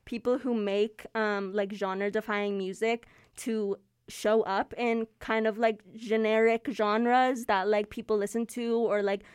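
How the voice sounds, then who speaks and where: Smooth-voiced young woman co-host, laughing. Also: mid-range voice, flat delivery, unhurried, hardly any pauses, dry recording, clean studio sound. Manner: laughs often, leans on "like" fillers. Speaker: radio show co-host. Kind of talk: casual radio chat.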